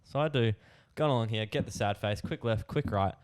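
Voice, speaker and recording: A man with an Australian accent, a podcast co-host telling a rambling, animated anecdote in casual chat. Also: on the low side, brisk, clear, resonant tone. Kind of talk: casual storytelling.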